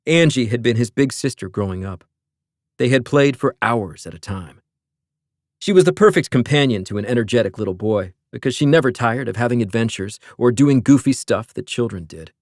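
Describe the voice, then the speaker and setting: A man narrates a mystery novel in an even, measured voice of middle pitch. He sits close to a studio mic, and the sound is dry, with no room around it. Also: dry recording. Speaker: audiobook narrator. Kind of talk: scripted narration.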